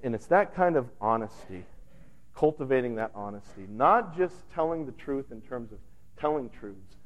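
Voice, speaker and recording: A man's voice: mid-range voice, moderate pace. A man preaching a sermon as a pastor, in a conversational way, sometimes acting out voices in the stories he tells. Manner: conversational preaching with animated retelling.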